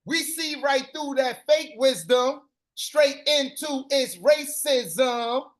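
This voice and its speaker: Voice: high-pitched, slow. A live-stream host performing spoken-word poetry in a rhythmic, chanted delivery with repeated refrains.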